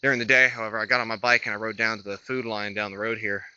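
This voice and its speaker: A man in his twenties from North Carolina with a slight lisp, talking to the camera while he walks outdoors, halting and hesitant, thinking aloud. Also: lowish voice, little pitch movement, bright, forceful tone, smooth, no room sound, muffled recording. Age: 20s. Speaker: vlogger. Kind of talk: rambling walk-and-talk vlog. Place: outdoors on a roadside walk.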